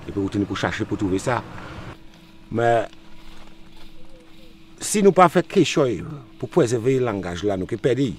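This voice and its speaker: A man's voice: lowish voice, sing-song, moderate pace, long pauses, a little hiss or hum. An older man with a Trinidadian accent, being interviewed outdoors, switching between patois and English and repeating himself. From Trinidad and Tobago. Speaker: local interviewee. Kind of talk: casual interview. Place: outdoors in a village.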